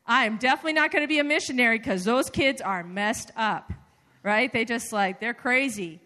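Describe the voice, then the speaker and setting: A woman preaches in a loose, conversational manner, weaving personal stories through her sermon with plenty of filler words. Her voice sits a little high and swings between quiet confession and lifted exhortation. The sound carries a long reverb, as in a large hall. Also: fairly quick. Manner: animated, conversational, many fillers.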